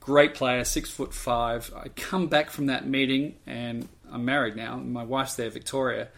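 A middle-aged Australian man, a podcast guest telling an animated story and acting out the voices of others. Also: mid-range voice, a little slow, gravelly. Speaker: podcast guest, tennis coach. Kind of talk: casual storytelling.

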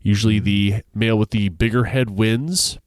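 A man with a smooth, resonant voice hosts a casual podcast chat, playful and quick to laugh. He is recorded close and dry, with almost no room sound. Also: fairly low pitch, fairly even intonation, no echo. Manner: playful, laughs often, reads excerpts aloud. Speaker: podcast co-host presenting a segment.

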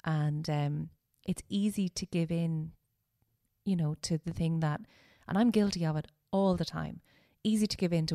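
Gravelly, low-voiced woman host. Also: moderate pace, dark tone, no echo, studio quality. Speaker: podcast host. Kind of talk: casual interview chat.

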